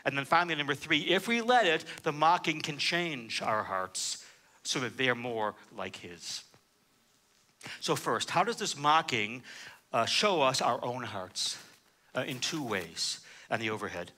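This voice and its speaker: A man's voice: mid-range voice, lively intonation, a little slow, pushed and bright. A man preaching a sermon, reading scripture aloud and explaining it verse by verse, with frequent "uh" fillers. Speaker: pastor.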